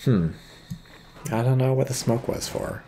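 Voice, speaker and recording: A man's voice: mid-range voice, unhurried, dark tone, slight background noise. A man casually commentating a strategy game match, with a dry, rambling manner and hiccups, reading viewer chat aloud. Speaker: game caster.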